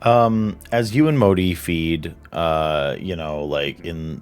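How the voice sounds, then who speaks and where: A man's voice: deep voice, slow pace, clear, resonant tone, soft background music. A man narrating as game master of a tabletop role-playing game, loose and swearing, with many fillers.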